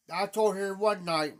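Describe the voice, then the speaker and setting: Slow-talking high-voiced man with an Ohio accent. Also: a bit bright. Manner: rambling, repeats himself, clears throat often. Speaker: livestream host. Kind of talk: casual storytelling chat. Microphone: phone or webcam on a live stream.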